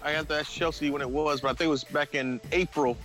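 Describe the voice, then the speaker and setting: A man's voice: on the high side, steady tone, fast, fairly bright tone, soft background music. A man co-hosting a casual sports chat, brash and full of stories. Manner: brash, storytelling, joking. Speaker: co-host.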